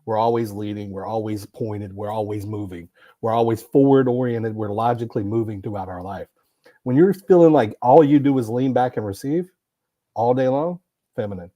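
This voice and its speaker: A man's voice: on the low side, moderate pace, warm tone, dry recording. A man talking on a podcast, emphatic and preachy, driving his points home by repeating words. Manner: emphatic, repetitive, preachy about masculinity. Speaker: podcast guest. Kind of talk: casual podcast conversation.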